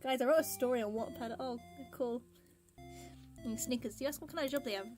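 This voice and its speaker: A young woman chats excitedly through a game and reads its text aloud, giggling often as her voice tires. Her pitch sits a little high. Game music plays clearly underneath. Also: a little fast. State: voice getting tired. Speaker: streamer. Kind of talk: let's play commentary and reading game text.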